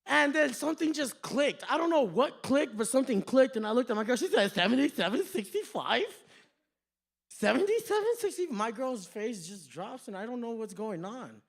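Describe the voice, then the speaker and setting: A man performs a stand-up comedy set on a club stage. His voice sits high for a man, and he tells his stories in an animated, profane way. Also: normal speed, creaky, few pauses.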